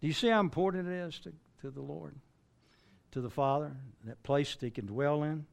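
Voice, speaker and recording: An older man preaches a conversational sermon in a voice that runs high, brisk, and creaky. He poses rhetorical questions to listeners and keeps restarting and stumbling mid-phrase.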